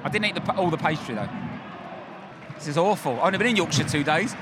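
A man's voice: on the high side, fast talker. Joking man in outdoor stadium noise. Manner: joking, self-deprecating banter. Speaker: comedian guest. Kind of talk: casual chat. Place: football stadium stands, outdoors. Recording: noisy outdoor crowd ambience.

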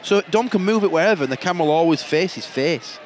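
A young man, bantering jokily and excitably at a football match. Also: on the high side, quick pace. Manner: jokey, excitable, laughs often. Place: outdoor football stadium. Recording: noisy stadium crowd behind.

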